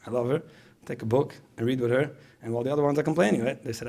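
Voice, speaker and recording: Guy lecturing parents, gravelly voice, talks fast, keeps repeating himself. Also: mid-range voice, warm tone. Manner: repeats phrases, asks the audience questions. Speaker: speaker at a parenting retreat. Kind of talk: conversational lecture.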